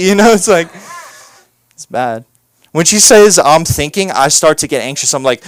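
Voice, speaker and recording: A man's voice: fairly high pitch, animated, moderate pace, clear, resonant tone, dry recording. A man performing a rambling, self-deprecating stand-up set on a comedy club stage, with lots of fillers.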